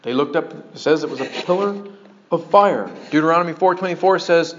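A man preaching a sermon as pastor, animated and breaking into joking asides to his congregation. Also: a little high, moderate pace. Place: church sanctuary. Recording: dull lo-fi sermon recording.

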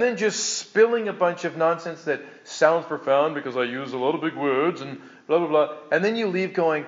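A man's voice: on the high side, normal speed, highs cut off. A man preaching a conversational sermon to his church, joking and restarting his sentences as he goes. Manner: chatty, joking, stumbling restarts. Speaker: pastor.

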